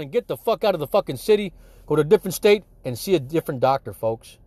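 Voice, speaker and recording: A man's voice: on the high side, animated, quick pace, darkish tone, no room sound, clean studio sound. A middle-aged man, a former radiology technician, talking in a profane, heated, rambling monologue full of restarts.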